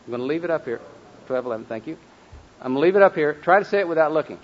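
A man teaching a group how to memorize Bible verses, leading call-and-response drills and slowing down to stress each word, with folksy asides. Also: mid-range voice, animated, muffled recording. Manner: leads call-and-response drills, slows and stresses words when reciting.

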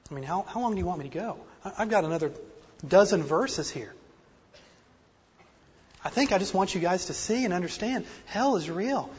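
A man preaches a sermon with earnest, self-deprecating emphasis and a slight speech impediment. His high-sitting voice is animated and slightly rough, at a moderate pace with frequent pauses. The recording is dull and lo-fi, made in a reverberant hall.

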